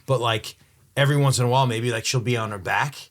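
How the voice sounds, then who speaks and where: Brief: male podcast co-host, mid-pitched, rambling, profane stories. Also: fast. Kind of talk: casual chat.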